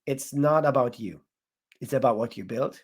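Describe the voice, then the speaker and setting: A man's voice: mid-range voice, normal speed, husky. A man giving advice as a guest in an interview, often restarting his phrases as he searches for words. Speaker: guest entrepreneur. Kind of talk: casual interview answers.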